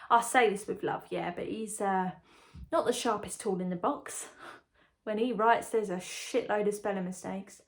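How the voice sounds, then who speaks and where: In a mid-range voice at a moderate pace, lightly acted, a young woman delivers a monologue as its lead character. She plays a breezy, gossipy, confiding young woman whose fiancé is a condemned prisoner.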